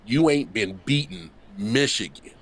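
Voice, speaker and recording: A man co-hosting a sports podcast, talking in a casual, slangy, animated way. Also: mid-range voice, unhurried. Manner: animated, slangy, laughs and acts out voices. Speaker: podcast co-host.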